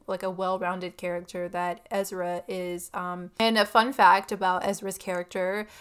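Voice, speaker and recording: A woman's voice: medium pitch, clear, resonant tone. A young woman chatting casually about a film, giggling and full of fillers and asides.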